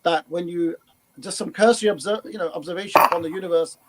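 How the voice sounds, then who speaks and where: A man on a panel giving earnest, halting explanations with frequent fillers. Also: high voice, very noisy. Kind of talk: casual panel chat.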